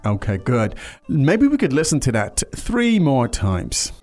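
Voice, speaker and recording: A man's voice: mid-range voice, wildly swooping pitch, measured pace, over loud music. Chatty man teaching a language lesson. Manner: chatty, explains with restarts and fillers. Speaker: language podcast host.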